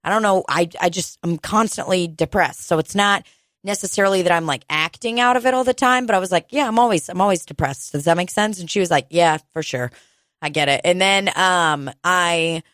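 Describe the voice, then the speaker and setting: A woman's voice: medium pitch, fairly bright tone, no echo, clean studio sound. Candid swearing woman podcaster. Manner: candid, swearing, talks fast when quoting herself. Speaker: podcast co-host. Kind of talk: casual chat.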